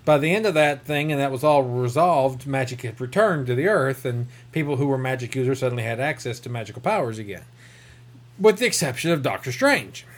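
His medium-pitched voice is animated and fairly quick. The host of a comic book podcast, he speaks with a rural Southern American accent and meanders through a casual review, full of chuckles and self-corrections.

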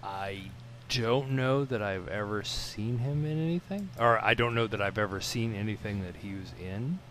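A middle-aged man from Florida talks through a film in a casual podcast chat, slow and hesitant, often restarting his sentences. His voice sits a little low. A faint ambient hiss runs underneath. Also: fairly bright tone. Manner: rambling, hesitant, slow and measured. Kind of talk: casual movie discussion.

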